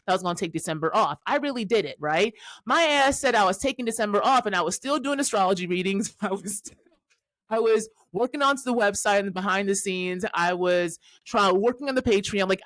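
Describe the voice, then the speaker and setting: Woman podcast host, mid-pitched, candid and profane, laughs often, talks straight to listeners; dry close sound. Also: a bit bright, no room sound. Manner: addresses listeners directly, tags lines with "right?". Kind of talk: casual storytelling monologue.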